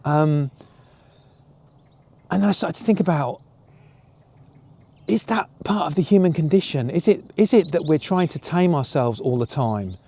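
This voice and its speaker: A man's voice: a little high, expressive, a little slow, pauses often, darkish tone. A man talking to camera in a reflective personal vlog, musing and self-questioning, with frequent fillers. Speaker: YouTuber.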